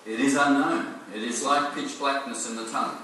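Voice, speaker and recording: A bright-voiced man with an Australian accent tells a story with earnest emphasis. The sound is echoey and distant, like a video played back in a big room, with a faint hiss behind it. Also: medium pitch, fairly even intonation, normal speed. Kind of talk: storytelling talk. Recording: echoey video playback from far off.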